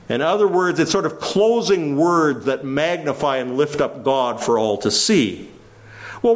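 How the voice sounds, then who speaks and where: A male pastor preaching a sermon, reading scripture with slowed emphasis and asking the congregation questions. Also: high-pitched. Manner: lively, varied delivery with slowed emphasis on scripture.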